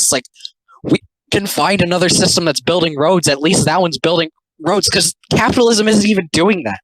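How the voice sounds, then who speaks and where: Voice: mid-range voice, fairly quick, a bit bright, no echo, poor audio. A speaker giving casual, rambling, sarcastic commentary on comics, full of filler words. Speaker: commentary host.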